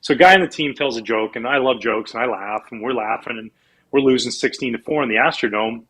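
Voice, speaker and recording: Husky-voiced man telling stories. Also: medium pitch, fast, rough recording. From Canada. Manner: animated, rambling with restarts and laughs. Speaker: former pro pitcher, guest. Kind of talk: casual storytelling in an interview.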